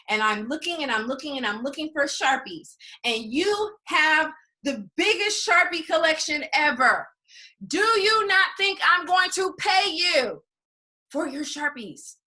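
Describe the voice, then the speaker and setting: A middle-aged woman coaching entrepreneurs in a casual, animated talk, laughing often and acting out little scenes. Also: high-pitched. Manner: calls listeners honey. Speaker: business coach.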